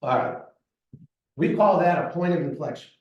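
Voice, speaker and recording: A man's voice: on the high side, lively intonation, moderate pace, recorded from a distance, highs cut off. Man teaching math in an echoey room. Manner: talks while writing, counting aloud, checks in with "right?". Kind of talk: whiteboard math lesson.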